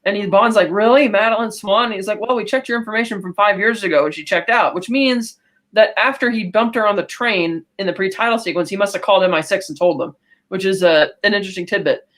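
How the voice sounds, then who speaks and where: A woman co-hosting a podcast, casually recapping a film and quoting characters in quick asides. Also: medium pitch, a bit bright. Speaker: podcast co-host.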